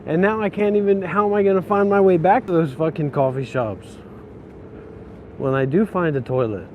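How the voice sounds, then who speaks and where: A man's voice: high-pitched, normal speed, narrow, tinny audio, a little hiss or hum. A man vlogging while walking city streets, ranting in a frustrated, profane way. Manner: frustrated, swearing, grumbling.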